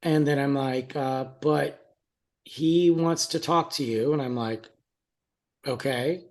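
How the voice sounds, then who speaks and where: A man's voice: medium pitch, slow, a little mellow. A young adult man, a podcast co-host, telling a story in casual chat, acting out quotes and laughing often.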